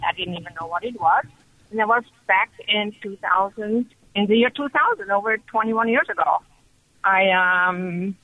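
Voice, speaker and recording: Woman, radio caller, chatty excited storytelling, muffled phone sound. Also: mid-range voice, no room sound. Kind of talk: call-in radio testimony. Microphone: telephone.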